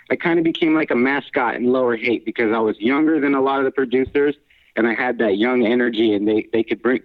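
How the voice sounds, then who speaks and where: A man, a house music DJ and producer, telling his story as an interview guest in a rambling, laughing way with many restarts. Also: mid-range voice. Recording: tinny phone-like line.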